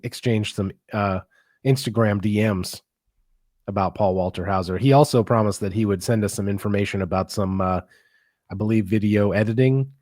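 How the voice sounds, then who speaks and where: A man's voice: fairly low pitch, darkish tone, dry recording, studio quality. A man co-hosting a podcast in casual chat, laid-back and sardonic, sprinkling in slang. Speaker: podcast co-host.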